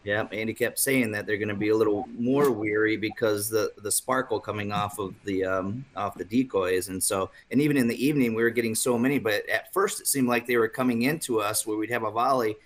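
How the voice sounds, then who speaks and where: A man talking in a relaxed podcast chat as a guest, recounting a trip in a storytelling way and chuckling as he goes. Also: lowish voice, fairly quick, hardly any pauses. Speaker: hunting staff coordinator guest.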